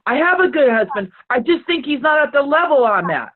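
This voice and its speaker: A woman sharing personal struggles on a video call, earnest and halting, close to tears. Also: sits high, sing-song. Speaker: group participant. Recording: tinny phone-like video call audio.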